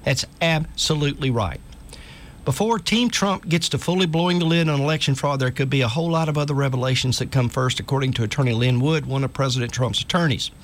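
Male talk radio host, mid-pitched voice, earnest and urgent, reads articles on air into a studio mic. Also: quick pace.

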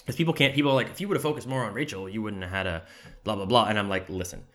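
A man telling stories in a casual chat, talking quickly and animatedly with many filler words. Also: lowish voice. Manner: fast, animated, lots of "like" fillers. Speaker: podcast guest, former reality TV contestant. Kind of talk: casual conversational storytelling.

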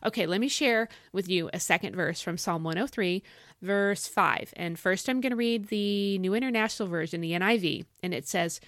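A middle-aged woman hosts a Bible teaching podcast, animated and excitable, folksy in her talk. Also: medium pitch, normal speed, no echo, clean studio sound. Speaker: podcast host.

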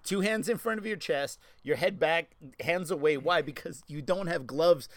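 A man's voice: fairly high pitch, normal speed, no echo. A man co-hosting a martial arts podcast, telling stories casually and laughing easily. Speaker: podcast co-host.

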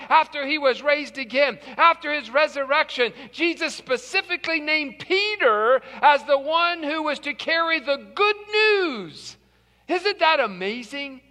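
A male pastor preaching a morning sermon in a dramatic storytelling style, swinging between loud and hushed. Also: very high voice, long reverb tail. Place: church service, live streamed.

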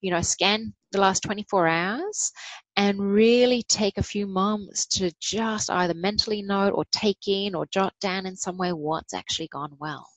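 A woman guest in a casual interview, talking in an encouraging way and growing bright and lively when she acts out kind self-talk. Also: mid-range voice, normal speed, no room sound, rough recording. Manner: warm, encouraging, animated when voicing positive self-talk. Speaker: podcast guest.

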